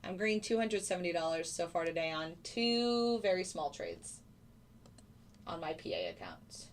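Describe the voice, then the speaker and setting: A woman's voice: on the low side, sing-song, moderate pace, a little hiss or hum. A woman hosting a live trading stream, chatting casually and answering viewers by name. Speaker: livestream host. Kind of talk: casual livestream chat.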